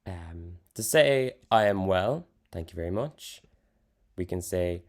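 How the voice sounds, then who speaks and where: A young man teaching a language lesson in a relaxed way, with many ums and fillers. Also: sits low, unhurried. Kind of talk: casual explanatory lesson.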